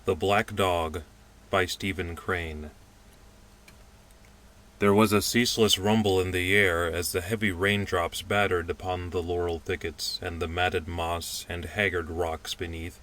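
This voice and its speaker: Low-voiced male audiobook narrator. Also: little pitch movement, measured pace, a bit bright, recorded from a distance. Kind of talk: scripted narration.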